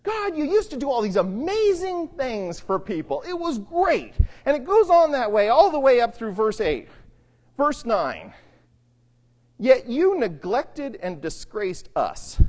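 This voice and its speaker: A Bible teacher lecturing on the Psalms, reading verses slowly and then explaining them in a dramatic, conversational way, dropping to hushed low phrases for emphasis. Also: in a large hall. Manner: reads scripture slowly, then comments conversationally.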